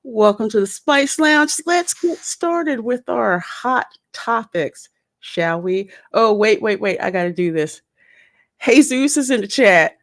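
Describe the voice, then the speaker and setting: A woman's voice: a little high, takes it slowly, no echo, studio quality. A woman hosting a casual live-stream podcast, reading out chat messages and laughing easily. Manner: animated, reads chat names aloud, laughs easily. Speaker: podcast host.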